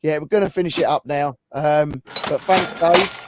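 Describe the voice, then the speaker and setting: A man hosting a casual livestream, thanking viewers warmly while his voice goes hoarse. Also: fairly high pitch, moderate pace, background noise. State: voice going hoarse. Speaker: livestream host.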